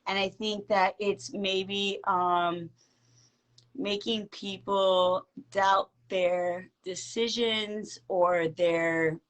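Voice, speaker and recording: Slow-talking woman, hesitant, casual. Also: mid-range voice, fairly even intonation. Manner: giggly, fits of laughter. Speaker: podcast co-host. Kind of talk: casual live-stream chat.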